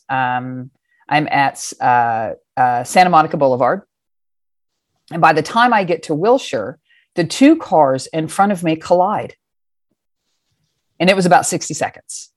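Middle-aged woman, low voice, dry close mic, animated storyteller who swears casually. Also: no echo. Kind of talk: personal storytelling.

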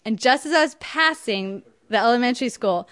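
A woman's voice: fairly high pitch, brisk, dry recording. Young woman telling an indignant personal story. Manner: indignant, emphatic, animated.

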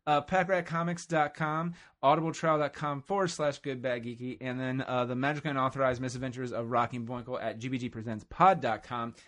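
A man's voice: medium pitch, little pitch movement, fairly quick, few pauses, a bit bright. A man hosting a podcast in casual chat, jokey and rambling, mocking himself as he goes. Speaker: podcast host.

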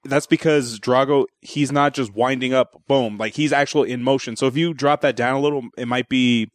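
A man's voice: mid-range voice, fairly even intonation, fairly quick, no echo, clean studio sound. A man co-hosting a movie review podcast, steering the talk in casual chat and acting out movie quotes. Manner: steers the discussion, acts out quotes. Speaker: podcast co-host.

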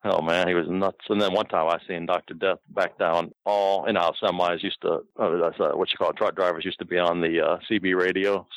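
Deep-voiced older man, rambling road stories. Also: fairly even intonation, a little fast, hardly any pauses, dry recording, dull audio. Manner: rambling, with many fillers and restarts. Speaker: former pro wrestler telling road stories. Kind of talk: casual storytelling.

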